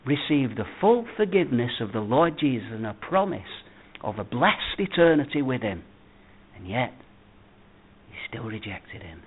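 A man preaching a sermon, emphatic, swinging between loud declarations and hushed words. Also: medium pitch, sing-song, normal speed, breathy edge. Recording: tinny phone-like audio.

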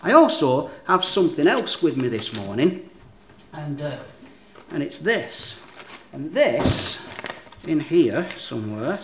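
A man's voice: on the high side, big pitch swings, slow, pauses often, fairly bright tone, slight background noise. A man preaching a sermon, leaning on emphatic phrases he repeats and speaking straight to his listeners. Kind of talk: sermon with object lessons.

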